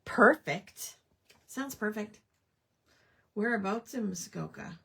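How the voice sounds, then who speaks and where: A woman's voice: medium pitch, lively intonation, slow, gravelly, darkish tone, husky. A woman hosting a casual livestream crafting chat, talking with friends and muttering to herself as she works. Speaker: craft show host.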